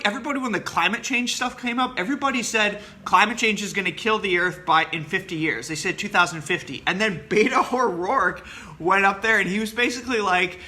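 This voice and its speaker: A man's voice: high voice, sharp tone. A man giving blunt, opinionated political commentary to a class in a casual, rambling way, full of fillers and restarts. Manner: blunt, opinionated, laughs at his own jokes. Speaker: professor.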